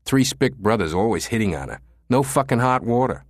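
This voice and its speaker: A man's voice: medium pitch, animated, a little fast, no room sound, studio quality, voice pushed up, lightly acted. A crude mocking punk, as a man puts him on. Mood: mocking, brash. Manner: brash, swearing, mocking. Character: crude cocky young male punk.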